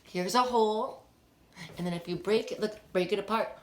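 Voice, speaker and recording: A young adult woman teaching a playful classroom lesson on video, animated and teasing, laughing often. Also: medium pitch, normal speed, slight background noise.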